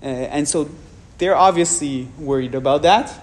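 A man with a French accent, giving a public talk and answering audience questions frankly, with measured pauses and restarts. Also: a little high.

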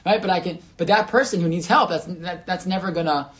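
A man's voice: sits high, fairly quick, fairly bright tone. Male teacher, casual group Torah class, conversational, asks questions, restarts often. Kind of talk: informal Torah class discussion.

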